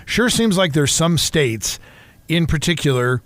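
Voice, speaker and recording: Chatty middle-aged co-host, dry sound. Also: male voice, on the high side, expressive, unhurried, fairly bright tone, no echo. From Michigan. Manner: chatty, reminiscing, wry. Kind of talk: casual chat.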